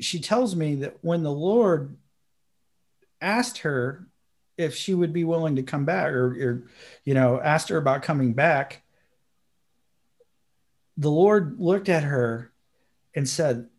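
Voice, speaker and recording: A man co-hosting a podcast, telling a story in casual chat and acting out the quotes with sudden high bursts. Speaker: podcast co-host.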